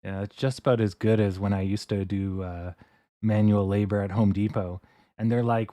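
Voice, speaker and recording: A man's voice: fairly low pitch, steady tone, moderate pace, mellow, no room sound. A man hosting a casual stock live stream, ranting in exasperation, sighing and swearing. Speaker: stock livestream host.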